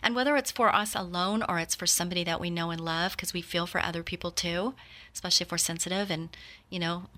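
A woman's voice: on the low side, fairly even intonation, fast talker, bright, forceful tone. A woman in her fifties in heartfelt personal talk, earnest and reflective, speaking straight to her listeners. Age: 50s.

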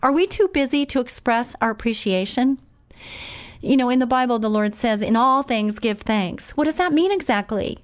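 A woman's voice: on the high side, normal speed, clear, resonant tone. A woman preaching a sermon in an emotional, heartfelt way, repeating words for emphasis.

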